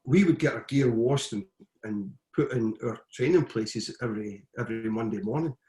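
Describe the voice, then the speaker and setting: A middle-aged man, telling stories from his football career in a casual, animated way as an interview guest. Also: medium pitch, moderate pace, echoey room. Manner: anecdotal, animated retelling with frequent restarts. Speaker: guest, former footballer and coach. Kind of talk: casual storytelling.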